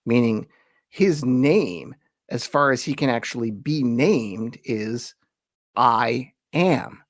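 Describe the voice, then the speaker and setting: Male teacher-host, mid pitch, casual explainer, slows for emphatic quotations, dry close mic. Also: vocal fry, dry recording. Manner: reads quoted verses slowly with emphasis; relaxed, chatty explaining with asides. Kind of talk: conversational lesson.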